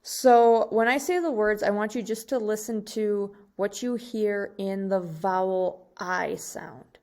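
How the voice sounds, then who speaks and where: Very slow-paced woman teaching young children. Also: medium pitch, a little mellow. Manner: slow, deliberate, drawing out example words. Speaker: second grade teacher. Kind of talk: recorded slide lesson for children.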